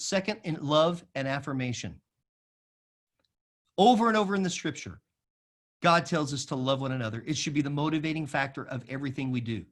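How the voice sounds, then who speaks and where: Male speaker, preaching style, fairly high voice, emphatic delivery that swings loud and soft, gets the room repeating after him. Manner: emphatic, varies loudness widely, drops to a soft low voice for quoted lines; calls on the audience to repeat phrases. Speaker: speaker at a school of music forum. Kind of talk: sermon-style talk.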